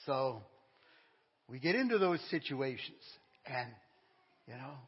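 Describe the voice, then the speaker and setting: Older preacher with a husky voice. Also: male voice, mid-range voice, sing-song. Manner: halting, self-correcting, conversational; asks the congregation questions. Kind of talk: informal sermon. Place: church sanctuary. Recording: dull, echoey church recording.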